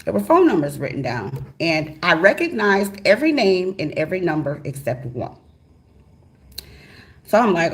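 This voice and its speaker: Animated, profane woman telling a story. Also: lowish voice, normal speed. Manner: animated, profane, swings between hushed and loud. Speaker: tarot channel host. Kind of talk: casual storytelling to viewers.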